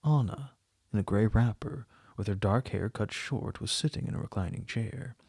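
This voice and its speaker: A man reading a classic novel aloud as an audiobook, in a measured, even narration. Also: lowish voice, creaky, slightly rough, dry recording, clean studio sound. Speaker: audiobook reader.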